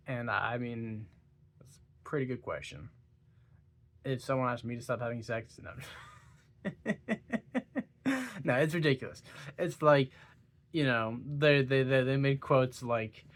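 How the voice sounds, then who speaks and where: A man's voice: mid-range voice, a little slow, pauses often, fairly bright tone. Tired, giggly young man rambling. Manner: rambling, giggly, with stumbles and laughs. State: tired, yawning. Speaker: book reviewer. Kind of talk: casual book talk vlog.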